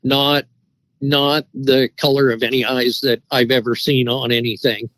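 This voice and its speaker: A man's voice: mid-range voice, level tone, a little slow, a bit bright, dry recording, poor audio. Middle-aged man telling a rambling story. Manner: rambling, with many restarts and "you know" fillers. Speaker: guest telling an encounter story. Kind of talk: casual storytelling.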